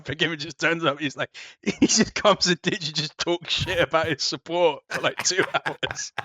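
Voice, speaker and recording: A man's voice: on the high side, moderate pace, sharp tone, no echo. A young man hosting a casual interview, prompting his guest for stories and swearing freely. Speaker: interview host.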